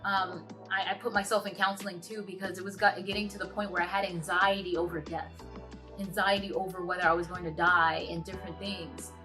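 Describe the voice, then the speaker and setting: A woman in her twenties telling a personal story to camera in a halting, earnest way, often stopping and restarting her sentences. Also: fairly low pitch, little pitch movement, over music. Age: 20s. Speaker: vlogger.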